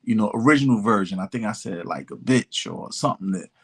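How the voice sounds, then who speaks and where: A man's voice: lowish voice, quick pace, husky. A man in his fifties, a rapper and elected official, telling stories as a podcast guest and acting out the people he quotes. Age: 50s. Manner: animated storyteller who acts out quoted voices. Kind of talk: casual storytelling interview.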